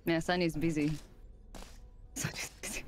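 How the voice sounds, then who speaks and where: A woman's voice: deep voice, flat delivery, moderate pace, soft background music. A woman whose first language is Japanese, chatting playfully as a co-op gaming guest, cursing often and mixing in Japanese words. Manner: playful, swears a lot, slips in Japanese words. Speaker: co-op streaming guest. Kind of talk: casual gaming chat.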